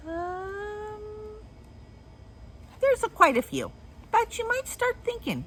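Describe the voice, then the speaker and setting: A woman teacher reading a children's storybook aloud with expressive, animated storytelling. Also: very high-pitched, slow, pauses often, slight background noise, rough recording.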